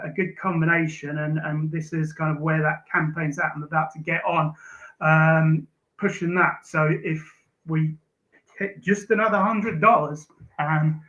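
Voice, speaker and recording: Man, comic creator, keen pitch, muffled web-call sound. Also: sharp tone. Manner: pitching his campaign with enthusiasm. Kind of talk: livestream chat. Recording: dull lo-fi stream audio.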